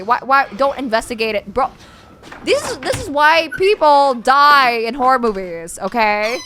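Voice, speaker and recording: Woman streamer freaking out at scary clips, cussing a lot, super animated, bright tone. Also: on the high side, normal speed, a little hiss or hum. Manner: jumpy, swears a lot, pleads with the screen. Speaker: VTuber streamer. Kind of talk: live reaction commentary.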